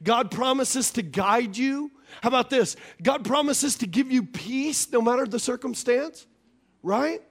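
A man's voice: very high-pitched, a little slow. A man preaching as a pastor, joking and laughing often, on a wireless stage mic in a church. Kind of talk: sermon.

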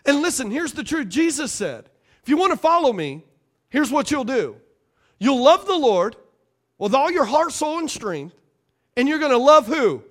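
A man's voice: very high voice, big pitch swings, moderate pace. A man preaching a sermon with call-and-response, playful asides and repeated phrases for emphasis. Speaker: pastor.

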